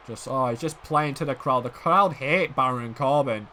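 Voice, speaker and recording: A man giving excitable play-by-play commentary on a wrestling video game, dropping to low murmurs and rising to shouted exclamations. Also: moderate pace, few pauses, slight background noise.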